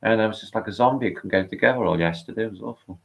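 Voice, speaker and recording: A man's voice: on the low side, very fast, gravelly. A middle-aged British man hosting a livestream, chatting casually, rambling and swearing as he reads out viewer comments. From Britain. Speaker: livestream host.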